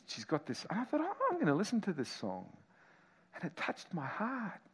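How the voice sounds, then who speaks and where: A middle-aged male pastor preaching a sermon, moving between loud exhortation and quiet reflection. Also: medium pitch, big-room sound.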